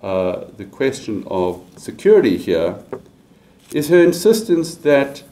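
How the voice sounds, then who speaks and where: A man giving an academic lecture, measured, with frequent fillers and repeated restarts. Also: medium pitch, sing-song, warm tone, a little hiss or hum, poor audio. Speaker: university lecturer.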